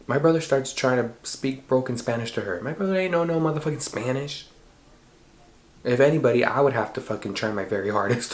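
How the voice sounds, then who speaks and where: Profane, animated young-sounding man telling a story. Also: lowish voice, echoey room. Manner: profane, animated retelling with quoted voices. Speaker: podcast host. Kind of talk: casual storytelling monologue.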